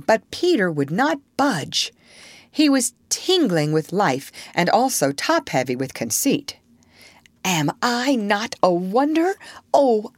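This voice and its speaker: A woman narrator reading a storybook aloud in a measured, expressive way. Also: fairly low pitch, no echo.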